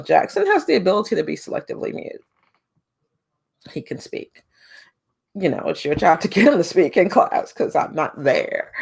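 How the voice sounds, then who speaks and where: A woman in her forties, a homeschooling mom, telling a personal story to camera in a casual, animated way and acting out what people said. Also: gravelly, slightly rough. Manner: animated, acts out quotes with big pitch jumps.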